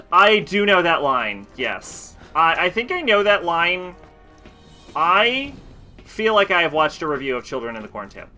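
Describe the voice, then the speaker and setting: A man's voice: on the high side, big pitch swings, unhurried, bright, forceful tone, soft background music. A man streaming a video game, chatting casually and telling rambling, profane stories. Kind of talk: casual chat while playing.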